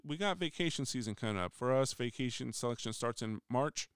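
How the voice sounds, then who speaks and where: A middle-aged man talks through a story from his workplace in a loose, rambling way, often stopping to restart his sentences. His voice is very smooth and clear. The sound is dry and close, with no room around it. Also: medium pitch, expressive, fairly quick, no echo. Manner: rambling, frequent restarts, acts out quoted voices. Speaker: union steward. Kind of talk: casual storytelling monologue. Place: voice message recording.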